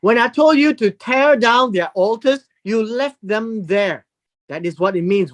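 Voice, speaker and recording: A Bible teacher giving a verse-by-verse lesson, explaining word meanings deliberately and emphatically, often repeating phrases. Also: mid-range voice.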